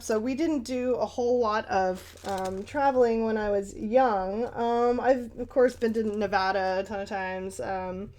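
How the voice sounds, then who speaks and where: A woman's voice: fairly high pitch, a little mellow. A young American woman chatting casually as she paints and answers viewer questions, rambling with lots of ums and little laughs. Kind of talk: casual paint-along chat.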